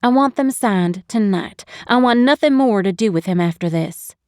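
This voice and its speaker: A woman's voice: on the high side, big pitch swings, normal speed, dark tone, no echo, voice pushed up. Fiery, meddling woman, played by a female narrator; emphatic, dry close studio sound. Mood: upset, determined. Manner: heated, emphatic.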